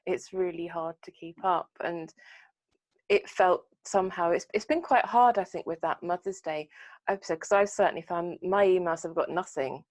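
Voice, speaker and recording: A middle-aged woman co-hosting a podcast, speaking in an earnest, thoughtful, soft-spoken way. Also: on the low side, normal speed, no room sound. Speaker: podcast co-host. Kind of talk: casual chat.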